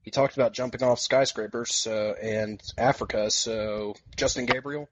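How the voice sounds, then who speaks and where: A man on a comedy panel show, slowly reasoning his way through guesses. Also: medium pitch, steady tone, no room sound, muffled recording. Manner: slow, guessing aloud. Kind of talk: casual comedy panel banter. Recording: live audience noise behind.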